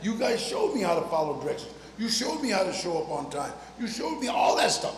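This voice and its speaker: A high-pitched older man spins animated, streetwise stories for a crowd, with slang and frequent laughter. His voice rings through a large hall with a long echo and faint room noise behind it. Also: fairly quick. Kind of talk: personal storytelling to an audience.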